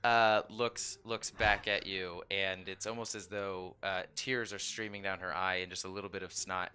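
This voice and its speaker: Low-voiced male dungeon master, bright tone, easygoing filler-heavy narration. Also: moderate pace, smooth. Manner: relaxed storytelling with many fillers. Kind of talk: narrating a tabletop game.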